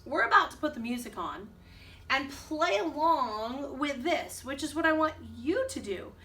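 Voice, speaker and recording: A woman's voice: high-pitched, big pitch swings, unhurried, bright, forceful tone. A woman music teacher leading a children's rhythm lesson, chanting rhythm syllables and encouraging her class. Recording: distant mic with faint background noise.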